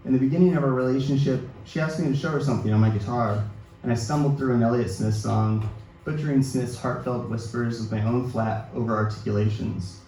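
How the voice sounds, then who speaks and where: A man in his thirties reading his own personal essay aloud at a literary event, in a measured, self-deprecating way. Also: mid-range voice, dark tone. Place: event hall at a book release reading. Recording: echoey hall, distant mic, faint noise.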